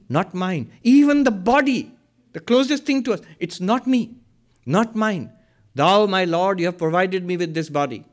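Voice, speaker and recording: A man giving a spiritual discourse, earnest and lively, asking questions and answering them himself. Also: high voice. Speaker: Vedanta teacher.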